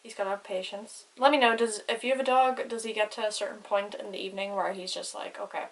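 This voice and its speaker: A woman's voice: mid-range voice, fairly even intonation, fast talker, rough recording. A woman giving a casual language lesson who spells words out and stresses vowels carefully. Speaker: Irish language teacher.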